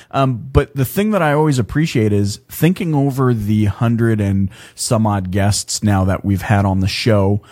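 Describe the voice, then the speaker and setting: A man's voice: fairly low pitch, a little mellow. Canadian guy hosting a podcast, jokey and loose, laughs a lot, lots of um and like. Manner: joking, laughs often, lots of fillers. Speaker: podcast host. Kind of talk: casual interview chat.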